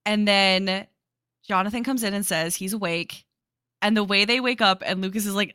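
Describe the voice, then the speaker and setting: A woman's voice: mid-range voice, steady tone, normal speed, sharp tone, dry recording, studio quality. A woman co-hosting a podcast in casual chat, gushing and full of "like" fillers. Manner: gushing, lots of "like" fillers, laughs easily. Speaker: podcast co-host.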